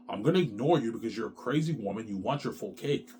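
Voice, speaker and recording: Man, 30s, vlogger. Agitated, repetitive, swears constantly, with pitch swinging wide between loud outbursts and low mutters. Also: expressive, fast talker. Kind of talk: rambling monologue to camera.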